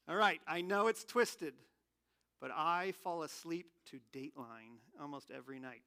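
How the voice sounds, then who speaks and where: A man preaching a sermon in a candid, animated, conversational way, telling personal stories. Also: high voice. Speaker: pastor.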